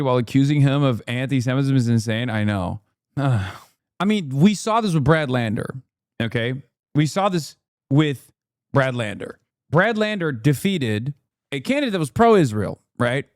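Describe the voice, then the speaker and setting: High-voiced man ranting on stream. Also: dry recording, studio quality. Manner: profane, incredulous, ranting. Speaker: streamer reacting to news. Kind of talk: live-stream political commentary.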